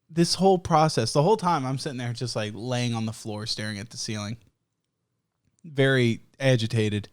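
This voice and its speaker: A man's voice: mid-range voice, no room sound, clean studio sound. A young man hosting a podcast, telling a story in a profane, ranting casual chat. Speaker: podcast host.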